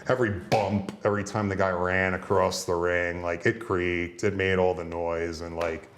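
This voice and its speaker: A man's voice: low voice, moderate pace, slight background noise. A man in his thirties, a wrestler, chatting casually in an interview and telling stories with lots of fillers. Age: 30s. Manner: rambling, relaxed, frequent fillers. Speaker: guest, pro wrestler.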